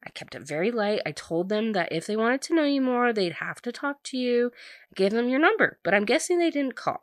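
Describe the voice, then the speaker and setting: A woman's voice: on the high side, sing-song, a little fast, no echo, clean studio sound, pitched above the performer's own voice. A woman voicing a chatty, doting middle-aged mother who rambles eagerly and apologetically, in a book recap. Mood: flustered.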